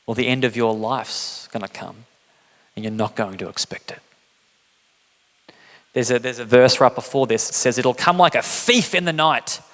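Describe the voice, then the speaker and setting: A man's voice: moderate pace, pauses often, a bit bright. A man preaching a sermon in a casual, joking way, acting out quotes with big jumps in his voice. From England. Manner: conversational, jokey, acts out quotes with big pitch jumps. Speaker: pastor. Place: church hall. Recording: church hall reverb.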